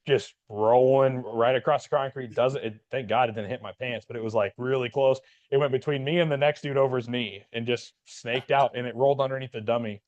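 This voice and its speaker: A man of average pitch telling a long story in casual podcast chat. He rambles and leans on fillers and restarts. The sound is dull and lo-fi. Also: steady tone, fairly quick, hardly any pauses, a little mellow. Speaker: podcast co-host, Air Force veteran.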